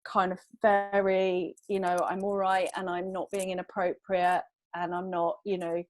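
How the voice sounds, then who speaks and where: A woman in her thirties on a video call, talking casually in a group chat and telling a story in a lively, self-deprecating way. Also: lowish voice, normal speed, dry recording, low-quality recording. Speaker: podcast regular in sobriety group.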